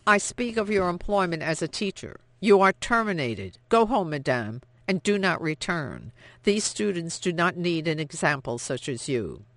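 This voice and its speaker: Oficial frio e ameaçador, lido por um narrador. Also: male voice, a little high, animated, normal speed, hardly any pauses, a bit bright, no echo. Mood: menacing. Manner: cold, clipped and interrogating. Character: cold, menacing male secret police officer.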